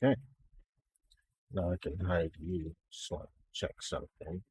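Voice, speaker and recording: Chatting on a live stream in an affected generic American-Canadian accent, a young Nigerian man keeps amusing himself and laughing between comments. He speaks low and a little slowly, his tone steady, darkish and husky, in a dry recording.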